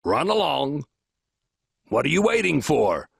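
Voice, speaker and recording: A man's voice: a little high, very animated, measured pace, vocal fry, slightly rough, no room sound, studio quality, exaggerated voice. A man voicing a proud, regal, boastful male lion in a recorded storybook reading. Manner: roaring, boastful.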